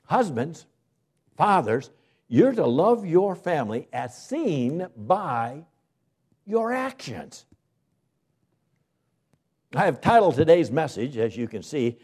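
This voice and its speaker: Man preaching with a lively, swooping voice. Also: on the high side, slightly rough. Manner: preaching with dramatic pauses and emphatic rises. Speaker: pastor. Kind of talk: sermon. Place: church.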